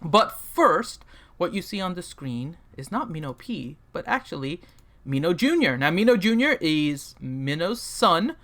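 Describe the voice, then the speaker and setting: A man's voice: fairly high pitch, very animated, measured pace, pushed and bright. A man hosting a casual gaming livestream, joking and rambling with plenty of fillers as he introduces people and reviews a game roster.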